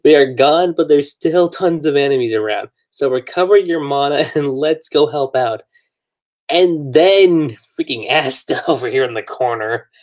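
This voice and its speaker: A man's voice: fairly high pitch, normal speed, a little mellow. Guy hosting a podcast, just chatting about anime and cracking up, voices the characters now and then. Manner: chatty, laughs often, acts out character lines. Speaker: podcast host. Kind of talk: casual anime recap chat.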